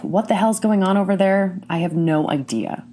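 A woman's voice: medium pitch, normal speed, mellow. Indignant woman ranting on her show. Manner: indignant, blunt, swears often. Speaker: commentary show host. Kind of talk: casual ranting commentary.

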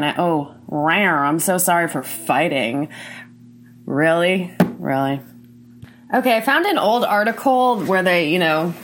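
A woman's voice: on the low side, slight background noise. A woman hosting a commentary show, ranting bluntly and indignantly, swearing often.

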